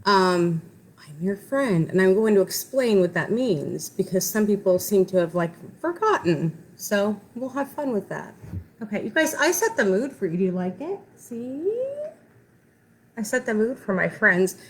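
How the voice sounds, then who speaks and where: A woman's voice: mid-range voice, sing-song, measured pace. A middle-aged woman, a therapist, chatting casually and a bit self-deprecatingly to viewers on a live stream, swearing now and then.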